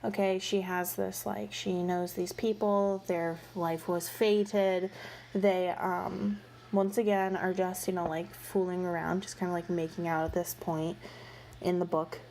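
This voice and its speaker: A woman's voice: on the low side, flat delivery, unhurried, vocal fry, darkish tone, a little hiss or hum. A woman casually retelling a book series in a rambling, gossipy way, full of fillers like "like" and "you know.". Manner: exasperated, gossipy storytelling. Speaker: book reviewer. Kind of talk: casual chatty book review.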